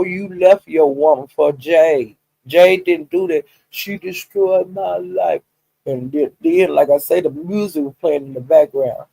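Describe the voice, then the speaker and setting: A man's voice: on the high side, vocal fry, no echo, low-quality recording. A man retelling a story in a casual, profane gossip style, often stopping to check in with his listeners. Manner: profane, animated, talks directly to listeners. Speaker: storyteller recapping a livestream.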